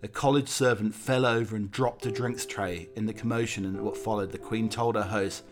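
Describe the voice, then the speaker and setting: Man, documentary narrator, fairly low voice, measured anecdotal delivery, faint music underneath. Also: steady tone.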